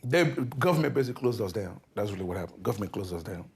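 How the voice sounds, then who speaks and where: A man in a documentary interview, guarded and trailing off quietly. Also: fairly low pitch, lively intonation, racing, slight background noise. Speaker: former label member interviewee.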